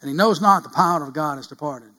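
A middle-aged male pastor preaching with a somewhat high voice. He talks in earnest, rising to loud cries and dropping to hushed pleading. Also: fast talker. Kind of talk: sermon.

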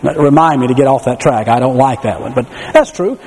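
Male preacher, animated sermon delivery, mellow voice, reverberant hall sound. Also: a little high, a little fast, few pauses. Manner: animated storytelling with rhetorical questions.

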